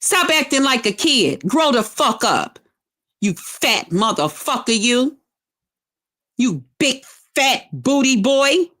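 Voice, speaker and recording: A woman's voice: high voice, big pitch swings, slow. Cursing, taunting woman on a rant. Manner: loud, cursing, taunting, emphatic. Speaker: vlogger. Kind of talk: profane on-camera rant.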